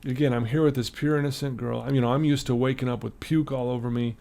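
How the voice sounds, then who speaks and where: Gravelly man telling a story. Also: mid-range voice, fast talker. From Utah, USA. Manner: animated storyteller, acts out quoted voices. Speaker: podcast guest. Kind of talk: storytelling in a casual interview.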